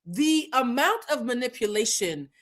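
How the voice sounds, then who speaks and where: A woman hosts a live gossip-and-commentary show, her voice swinging widely up and down as she talks. She is blunt, outspoken and often profane, and she acts out the lines she quotes. Her voice sits a little high. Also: animated, unhurried. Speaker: host. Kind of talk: live pop-culture commentary.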